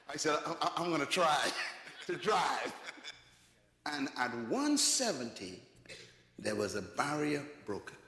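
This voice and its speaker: Male preacher, animated and theatrical, long hall reverb. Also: medium pitch. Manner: dramatic, animated storytelling with acted-out dialogue. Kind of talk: sermon with storytelling.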